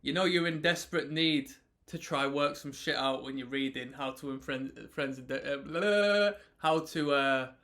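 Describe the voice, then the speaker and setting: A man's voice: medium pitch, moderate pace, hardly any pauses, pushed and bright. A man hosting an album reaction, chatting casually and talking over the track as it plays. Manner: chatty, talks over the music, sings along. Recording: music playing in the background.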